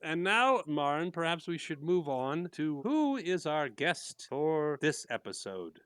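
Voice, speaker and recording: A man's voice: fairly high pitch, big pitch swings, unhurried, fairly bright tone, clean tone, dry recording. A man hosting a podcast, chatting casually and telling stories, acting out the voices he quotes. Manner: storytelling, acts out quoted voices. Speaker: podcast host. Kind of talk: casual chat.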